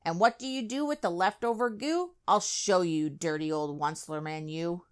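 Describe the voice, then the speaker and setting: A woman's voice: fairly low pitch, normal speed, smooth, lightly acted. A woman voicing a small, grumpy old male forest creature from a storybook, scolding and indignant.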